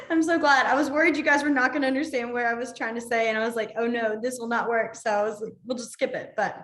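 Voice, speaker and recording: A woman's voice: fairly high pitch, brisk, a bit bright, roomy sound. A young woman teaching a sign language class online, chatty, apologetic and easily sidetracked, laughing often.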